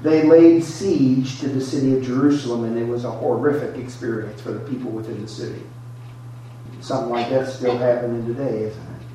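A man's voice: medium pitch, steady tone, brisk, warm tone, a little hiss or hum. A man preaching a sermon in a folksy, emphatic storytelling way. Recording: echoey hall, mic far off.

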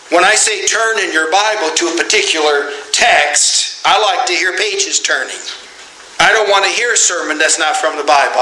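A middle-aged pastor preaching a sermon in a church, tired, with a folksy, joking manner. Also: male voice, on the high side, bright, forceful tone, reverberant, a little hiss or hum, poor audio. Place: church sanctuary.

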